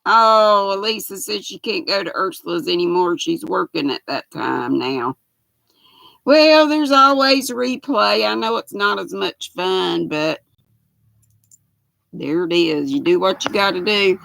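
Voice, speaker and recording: Older woman with a gravelly voice, unhurried pace as she hosts a casual livestream and reads the chat aloud. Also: medium pitch, animated, a bit bright, no echo. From United States. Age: 60s. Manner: greets viewers by name, reads chat aloud. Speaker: livestream host.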